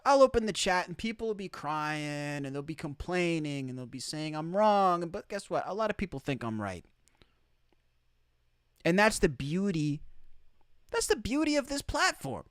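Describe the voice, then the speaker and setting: A man's voice: on the high side, sing-song, moderate pace, clear, resonant tone, dry recording, studio quality. A man hosting opinionated live commentary from outside the United States, emphatic and repeating his key phrases. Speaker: commentary streamer.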